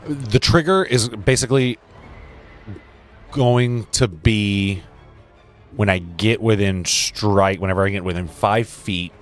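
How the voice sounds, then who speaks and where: A man's voice: lowish voice, slow pace, long pauses, faint music behind. A man playing in a tabletop game, talking hesitantly with ums and apologies. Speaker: player. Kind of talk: casual tabletop play.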